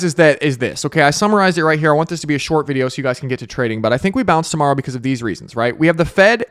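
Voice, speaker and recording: A man hosting a crypto trading show, giving energetic casual market commentary to camera on a webcam and checking in with "right?" again and again. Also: fairly high pitch, no room sound, clean studio sound. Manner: energetic, repetitive, frequent "right?" tags.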